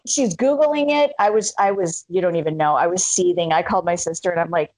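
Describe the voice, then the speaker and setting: A woman's voice: fairly low pitch, a little fast, few pauses, no echo, low-quality recording. A woman in casual chat, telling stories with lots of swearing and acting out the voices of the people she quotes. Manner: animated storyteller, swears freely, acts out quoted voices. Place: lives in Arizona.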